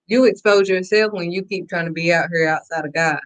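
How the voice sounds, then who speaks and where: Bright-voiced, emphatic woman preaching. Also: medium pitch, normal speed. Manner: emphatic, repetitive, sassy and direct. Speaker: faith vlogger. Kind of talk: preachy motivational talk to camera.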